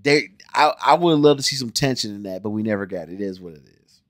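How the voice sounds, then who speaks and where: A forty-year-old man from Ohio with an American accent, hosting a casual video where he reacts to a music video, jumping between loud exclamations and muttered asides. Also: lowish voice, lively intonation, fast, dry recording, studio quality. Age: 40s.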